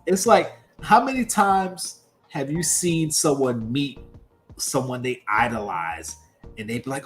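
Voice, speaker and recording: A man co-hosting a livestream, talking casually about pop culture in an animated, emphatic way full of rhetorical questions. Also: fairly high pitch, a little slow, soft background music. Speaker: livestream co-host.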